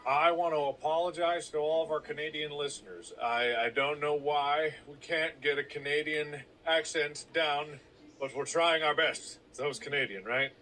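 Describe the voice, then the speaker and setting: A man's voice: fairly high pitch, fairly even intonation, moderate pace, pushed and bright, low-quality recording. A man co-hosting a casual podcast chat, riffing with sarcastic, playful jokes. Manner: joking, sarcastic, playful riffs. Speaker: podcast co-host.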